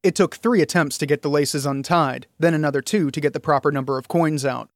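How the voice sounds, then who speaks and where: Male narrator, measured storybook reading, a touch high, dry recording. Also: dry recording. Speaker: audiobook narrator. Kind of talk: scripted narration.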